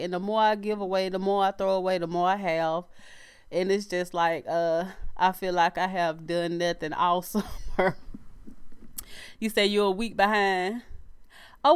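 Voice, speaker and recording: A woman's voice: mid-range voice, clear, resonant tone. A middle-aged woman with a Louisiana accent, hosting a casual live stream, chatting with viewers, laughing often and calling them y'all. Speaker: livestream host.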